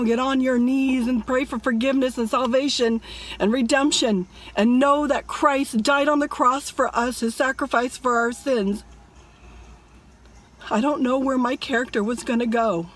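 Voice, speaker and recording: Woman vlogger, high voice, dramatic storyteller who preaches hard at her viewers. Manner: emphatic, addresses viewers as "people". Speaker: religious vlogger.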